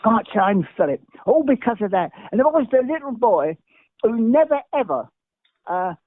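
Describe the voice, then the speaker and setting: An older man, speaking as a guest on a dry, tinny, phone-like line with no echo, tells animated anecdotes at great speed. He hops between stories, stumbling and starting over. His voice is high and very animated.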